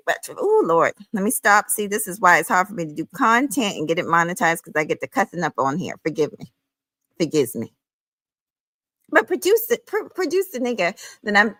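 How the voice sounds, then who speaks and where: Woman livestream host, heated rant, bright forceful voice, dry close sound, sassy and profane. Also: fairly low pitch, no room sound. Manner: emphatic, with frequent "honey" and "child".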